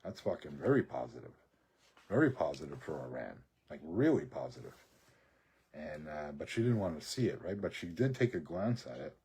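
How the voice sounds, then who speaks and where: A man's voice: very deep voice, sing-song, normal speed, dark tone, a little hiss or hum. A man telling a rambling, profane story in a rant, often laughing mid-sentence. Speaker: social media video creator.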